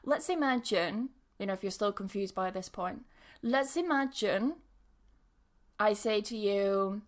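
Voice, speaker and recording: Speaking a little slowly in an animated, medium-pitched voice, a woman hosts her podcast as an English pronunciation teacher. The solo monologue is casual and chatty, sprinkled with laughs and asides.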